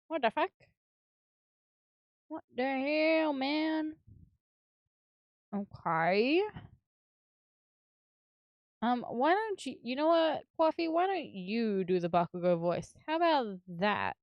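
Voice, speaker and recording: A woman's voice: sits high, dry recording, highs cut off. A woman streamer chatting casually and giggling while she builds, swearing now and then and filling her talk with fillers.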